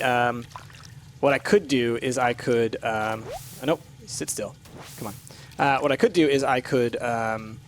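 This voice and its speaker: A man's voice: mid-range voice, slight background noise. A man casually commenting on a video game as he plays it, chatty and thinking aloud, with plenty of ums and uhs. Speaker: let's play host. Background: faint game music.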